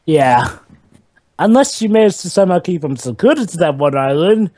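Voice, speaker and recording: A man's voice: a little high, warm tone, slightly rough, no room sound, studio quality. A man joking and interjecting during a casual group movie commentary. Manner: jokey, mock-dramatic interjections.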